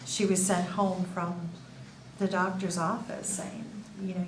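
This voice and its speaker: An older woman speaking at a faith workshop, telling a story in a lively, storytelling way and laughing at her own punchlines, recorded from a distance in an echoey room. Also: fairly low pitch, a little slow. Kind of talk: faith testimony to a small group. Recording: echoey room from a distance, faint background noise.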